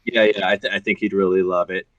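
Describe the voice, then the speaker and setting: A man's voice: deep voice, level tone, fast, fairly bright tone, lo-fi sound. A man in his thirties, a guest voice actor chatting earnestly on a podcast and laughing easily. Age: 30s. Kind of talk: casual podcast chat.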